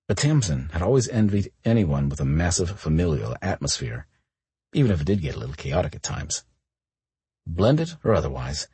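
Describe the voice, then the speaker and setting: A man narrating a romance audiobook with an expressive reading. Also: low voice, breathy edge, no room sound.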